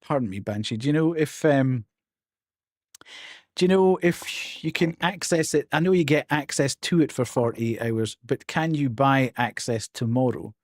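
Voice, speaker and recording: A man's voice: mid-range voice, moderate pace, darkish tone, dry recording, clean studio sound. A man streaming a horror game live, chatting casually with his viewers and laughing often. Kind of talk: live gameplay commentary.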